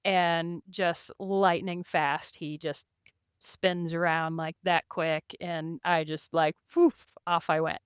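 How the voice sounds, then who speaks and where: Laughing and chatting, a woman who rides endurance races shares stories from her rides as a podcast guest, leaning heavily on "you know" and "like." Her low voice is flat, clean, and unhurried. It's recorded at studio quality with no room sound.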